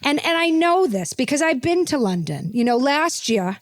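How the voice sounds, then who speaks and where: A woman's voice: high voice, very animated, normal speed, no echo, clean studio sound. Rambling gossipy woman podcast host. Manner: rambling and gossipy, tacking "okay?" onto her points. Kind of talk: comedic podcast chat.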